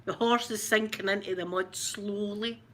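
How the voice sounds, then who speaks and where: In a medium-pitched, slightly bright voice with fairly even intonation, a middle-aged ASMR livestreamer from Scotland chats at normal speed. She rambles along and greets viewers by name, over a little hiss or hum.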